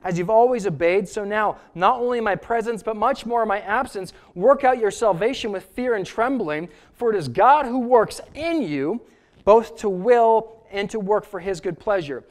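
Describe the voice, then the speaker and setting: A man's voice: high voice, expressive, moderate pace. A male pastor with a Canadian accent preaching a sermon in an earnest, emphatic way, repeating key phrases for stress. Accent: Canadian English.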